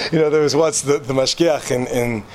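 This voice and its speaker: Young man with a high voice, telling a story to a room of listeners, joking and animated, faint hum behind him. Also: moderate pace. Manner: animated, joking, lots of restarts and asides. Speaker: speaker telling a personal story to an audience. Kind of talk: storytelling talk to a live audience. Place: room with a live audience.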